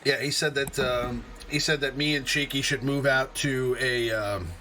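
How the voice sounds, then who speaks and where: A man's voice: medium pitch, fairly even intonation, a little slow, sharp tone. Laid-back male live-stream host. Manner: laid-back, many fillers and self-amused laughs. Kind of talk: casual live-stream chat.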